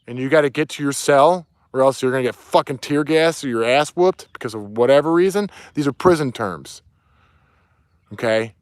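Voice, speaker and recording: A man's voice: mid-range voice, moderate pace, clear, resonant tone, no room sound, studio quality. A man delivering an angry, profane, preachy rant outdoors. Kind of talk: ranting monologue. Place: outdoors near woods, with dog.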